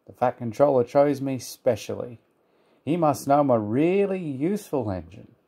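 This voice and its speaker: A man voicing a cheeky little male tank engine, playful and proud, in a high squeaky, excited voice. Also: normal speed, gravelly, husky.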